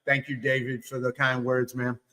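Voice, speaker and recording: A man from New York hosting a webinar, telling stories in a casual, animated way with frequent restarts and "you know.". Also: medium pitch, moderate pace, poor audio. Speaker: webinar host. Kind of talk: casual storytelling chat.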